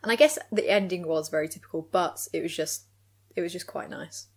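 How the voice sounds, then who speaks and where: A woman's voice: lowish voice, a little fast, slightly rough. A young woman co-hosting a podcast, talking hesitantly and easily about a film. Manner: hesitant, easygoing. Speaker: podcast co-host. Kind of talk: casual film discussion.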